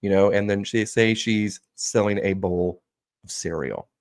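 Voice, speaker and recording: Lowish guy on a podcast, cussing and telling stories, dry close sound. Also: a little slow, no echo. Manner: profane, animated storyteller who laughs often. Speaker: podcast co-host. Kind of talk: casual chat.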